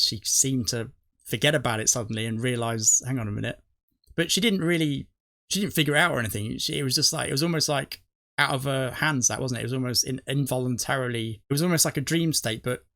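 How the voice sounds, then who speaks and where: A man's voice: medium pitch, gravelly, fairly bright tone. A middle-aged man, rambling through his theories on a reaction video and correcting himself as he goes. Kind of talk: casual rambling commentary.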